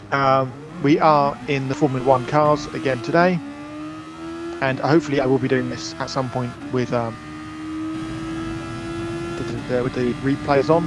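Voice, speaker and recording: A man hosting a casual gameplay video, chatting and rambling as he plays with a friend. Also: mid-range voice. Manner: chatty, rambling, laughs easily. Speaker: gaming channel host. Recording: music and game sounds behind.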